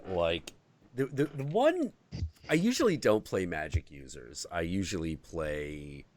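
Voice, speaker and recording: A man hosting a podcast, telling a story in casual chat, animated and swearing freely. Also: sits low, no room sound. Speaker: podcast host.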